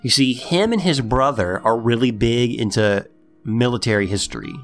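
A man casually recapping a TV episode for a podcast, acting out the characters in high, excited voices. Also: moderate pace, soft background music. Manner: animated storytelling, acts out characters in high voices. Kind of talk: casual chat.

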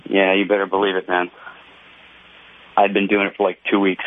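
A male caller phoning in to a talk show, telling his story in a flat, laid-back way. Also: low-pitched, fairly quick. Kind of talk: phone-in storytelling. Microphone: telephone. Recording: tinny phone line.

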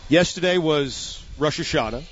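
A man's voice: a little high, moderate pace. A middle-aged man hosts a casual sports radio segment, telling a story with eager restarts and repeated phrases. The recording sounds a little dull and lo-fi. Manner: animated storyteller with frequent restarts. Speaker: radio show host.

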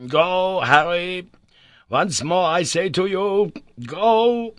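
Stubborn older professor, voiced by a male reader: insistent, commanding, pitched up, dry sound. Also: normal speed, fairly bright tone, no echo, lightly acted.

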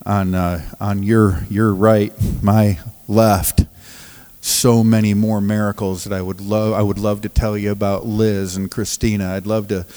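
A man preaching in a church sanctuary with a low voice and an unhurried, deliberate pace. He talks in halting bursts, restarts his sentences and often laughs through his stories. The hall gives his voice a long, ringing reverb. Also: little pitch movement, warm tone. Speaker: pastor of a recovery ministry. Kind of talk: sermon with storytelling.

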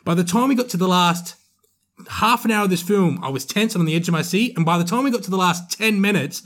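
A man's voice: high voice, animated, fast talker, fairly bright tone. A man co-hosting a casual movie review podcast, chatty and emphatic, often restarting his sentences. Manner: chatty, emphatic, self-correcting. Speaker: podcast co-host.

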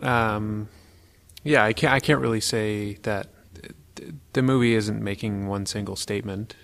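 A man's voice: lowish voice, steady tone, moderate pace, creaky, fairly bright tone. A man from English-speaking Canada co-hosting a casual film podcast, stammering and repeating words as he talks. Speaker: podcast co-host.

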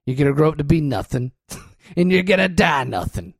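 A man's voice: on the high side, sing-song, moderate pace, vocal fry, slight background noise. Man growling as a cruel chain-smoking bear. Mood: bullying. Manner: snarling, cursing, bossy.

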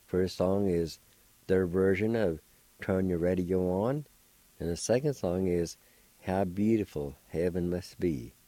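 Brief: middle-aged male radio language teacher, low mellow voice, slow, patient, repeats words. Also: dry recording. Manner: patient, spells words letter by letter and repeats them. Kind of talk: radio vocabulary lesson.

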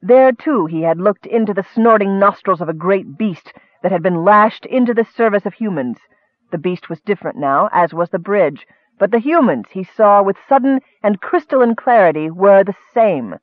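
High-voiced male narrator, tinny sound. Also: animated, moderate pace, dry recording. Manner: scholarly asides addressed to a superior. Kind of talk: audiobook narration. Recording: thin phone-like dry audio.

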